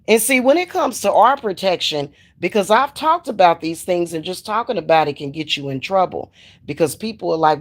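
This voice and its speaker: An older woman, ranting in a profane, animated, emphatic monologue as a spiritual practitioner. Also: on the low side, brisk.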